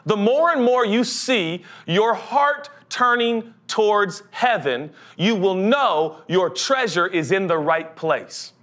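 Male pastor, young adult, animated sermon, fairly high voice. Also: takes it slowly, hardly any pauses. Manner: animated, comic voices, builds to urgent.

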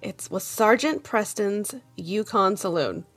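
A woman's voice: medium pitch, expressive, takes it slowly, soft background music. A woman co-hosting a podcast in casual chat, chatty and laughing often. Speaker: podcast co-host.

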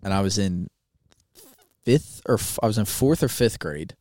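A young man with a somewhat low voice tells a story in a flat, deadpan way, swearing casually. The sound is close and dry. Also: moderate pace, no room sound. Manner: blunt, profane, deadpan storyteller. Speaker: podcast co-host.

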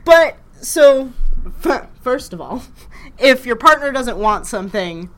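A woman's voice: fairly high pitch, very animated, slow pace. A young woman co-hosting a podcast recorded live, talking frankly and chattily and laughing easily. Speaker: podcast co-host. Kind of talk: casual live podcast chat. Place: live event room.

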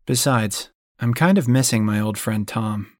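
A man's voice: lowish voice, measured pace, dry recording, studio quality. A man reading a first-person audiobook in a wry, self-mocking storytelling manner. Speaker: audiobook narrator.

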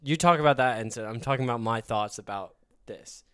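Halting young man with a smooth voice. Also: medium pitch, fairly bright tone. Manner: halting, filler-heavy. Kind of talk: casual chat.

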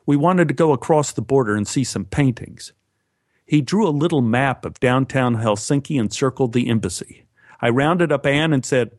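A man tells a personal story in a lively, animated way and shifts his voice up for the lines he quotes. The recording is dry and close, and his pitch sits in the middle. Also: moderate pace, no room sound.

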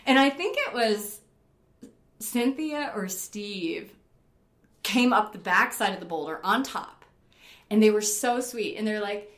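Middle-aged woman, casual storytelling, lively and laughing, echoey room. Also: mid-range voice, unhurried, long pauses. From Rochester, New York. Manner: animated, acts out her own past panic in quotes, laughs often. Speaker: rock climber telling stories. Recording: roomy echo.

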